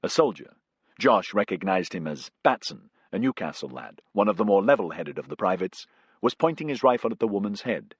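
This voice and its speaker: A man narrating an audiobook in a measured storytelling manner. His voice is low and husky, with a lively rise and fall, recorded close and dry. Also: dry recording. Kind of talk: scripted narration.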